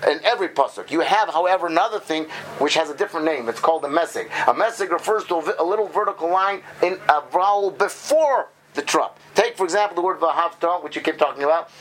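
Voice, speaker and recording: Halting man teaching Hebrew reading. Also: a little high, animated, a bit bright, a little hiss or hum, rough recording. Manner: halting, restarts often, explains step by step. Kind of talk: informal lesson to a small group.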